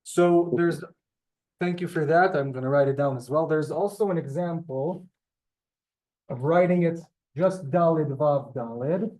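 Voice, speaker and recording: A man's voice: on the high side, a little slow, darkish tone. A man teaching a classroom language lesson, explaining step by step with many ums and asides. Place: synagogue classroom.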